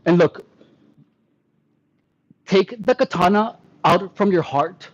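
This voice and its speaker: A man's voice: sits high, takes it slowly, pauses often, dull audio. A male fitness trainer giving tongue-in-cheek workout instruction, counting reps and playing up a mock-delicate persona. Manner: mock-delicate self-praise between exercise counts.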